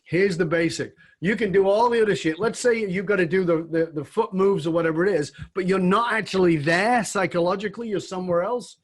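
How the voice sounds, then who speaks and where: A man with a slightly high-pitched voice hosting a conversational podcast interview. He talks in a reflective, searching way, then presses his points with emphatic rhetorical questions. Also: a little fast, few pauses. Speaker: podcast host.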